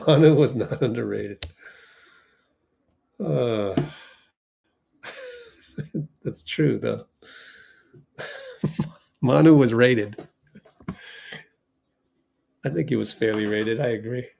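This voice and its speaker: A man hosts a live fan watch party from a home computer setup, calling the game in a casual, unhurried way. His voice has a gravelly fry to it, and he reacts out loud to big plays. Keyboard typing comes through behind him. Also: mid-range voice. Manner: reacts loudly to plays, reads chat aloud. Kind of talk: casual live play-by-play and chat.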